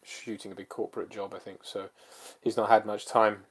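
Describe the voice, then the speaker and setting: A man, co-hosting a casual livestream chat, rambling and relaxed with lots of fillers, feeling a bit lethargic. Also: fairly low pitch, fairly quick. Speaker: channel co-host.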